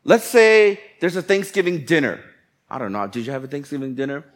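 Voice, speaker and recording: A pastor delivers a sermon in an easy, talk-to-the-room manner. He slips in quick acted-out voices of everyday people. His voice sits a little on the high side for a man. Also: big pitch swings. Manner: conversational, playful preaching with acted-out inner voices.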